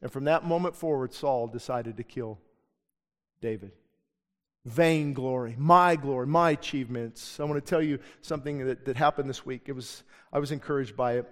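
A man's voice: mid-range voice, normal speed, fairly bright tone. A middle-aged male pastor preaching a sermon with passion, switching into the voices of the people he quotes. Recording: long hall reverb.

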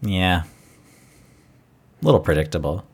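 Animated laughing male podcast co-host. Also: deep voice, a little slow, breathy edge. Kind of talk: casual recap chat.

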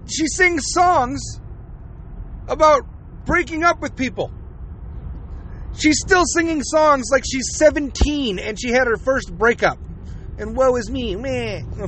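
A podcast host delivering a fired-up, profane and sarcastic political rant. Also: male voice, very high voice, a bit bright, a little hiss or hum.

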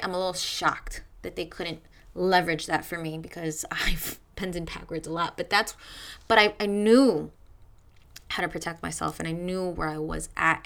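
A woman's voice: on the low side, pushed and bright. A young adult woman hosting a self-help podcast, speaking emphatically and repeating phrases for stress. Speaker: podcast host. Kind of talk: motivational self-help talk.

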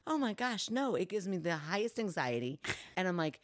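Woman podcast host, low, lively voice, dry close sound, animated storyteller. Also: a little fast, dry recording. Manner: animated storyteller acting out quotes. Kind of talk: casual chat and reading listener stories.

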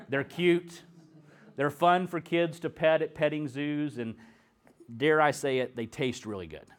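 A man preaching, his voice sitting at an ordinary middle pitch. He reads scripture and then moves into an earnest, conversational story, now and then restarting a phrase. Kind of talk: sermon with scripture reading.

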